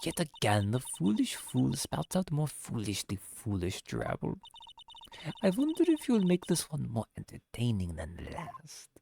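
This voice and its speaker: A man's voice: mid-range voice, wildly swooping pitch, unhurried, gravelly, mellow, a little hiss or hum, heavily acted. A man voicing a smug, scornful male prosecutor with a sneering, condescending delivery.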